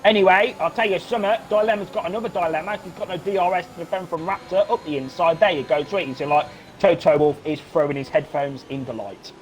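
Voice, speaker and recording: An excitable man calls a live sim race in a fairly high voice, repeating himself and swearing when things go wrong. Faint music sits behind him. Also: quick pace, hardly any pauses. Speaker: sim racing commentator. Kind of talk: live esports race commentary.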